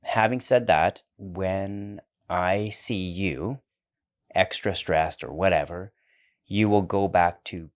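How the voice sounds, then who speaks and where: A man co-hosting a relationship podcast in a relaxed, reflective way. He explains his points with analogies and swears casually. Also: low-pitched, slow. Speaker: podcast co-host. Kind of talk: casual chat.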